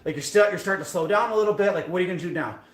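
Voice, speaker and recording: A man's voice: high voice, racing. A young man live-streaming, telling a rambling, self-deprecating story full of fillers. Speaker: fitness streamer. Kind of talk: casual live-stream chat. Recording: echoey room.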